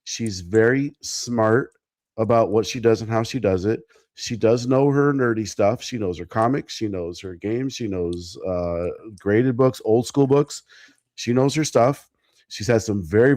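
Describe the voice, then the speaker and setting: A man's voice: lowish voice, a little slow, a little mellow, dry recording, studio quality. A man co-hosting a casual podcast, talking bluntly and jokingly with some swearing. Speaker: podcast co-host. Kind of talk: casual chat.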